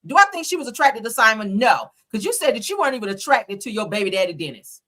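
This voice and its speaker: Brief: woman in her thirties, gossip host, bright lively voice, blunt and profane, quick to laugh. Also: a little high. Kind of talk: casual gossip commentary.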